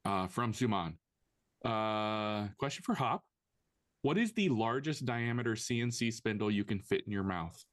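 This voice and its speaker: A man's voice: lowish voice, lively intonation, normal speed, no room sound. A man co-hosting a podcast in casual chat, joking dryly and reading listener questions aloud. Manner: dry, joking. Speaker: podcast co-host.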